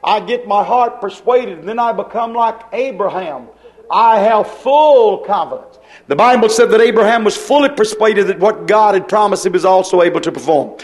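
A man's voice: sits high, normal speed. A man preaching a sermon, telling the story in a folksy way and repeating key phrases.

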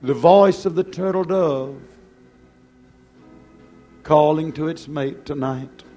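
Pleading and exhorting with mounting passion, this pastor stretches out every phrase slowly in his sermon. His voice runs somewhat high, and faint, soft music sits behind him.

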